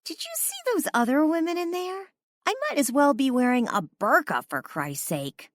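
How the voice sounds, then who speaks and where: A woman's voice: medium pitch, huge pitch swings, measured pace, dry recording, studio quality, pitched above the performer's own voice. A woman voicing a tipsy, feisty young heroine. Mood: tipsy, indignant. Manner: sassy, argumentative and whiny.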